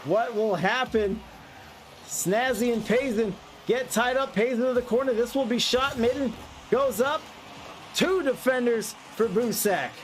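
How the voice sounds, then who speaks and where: A man with a high voice calls an online esports match play by play from a home streaming setup. He gets excitable and yells at the big plays. A faint hiss sits under his voice. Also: a little slow. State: out of breath. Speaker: esports caster. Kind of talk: play-by-play commentary.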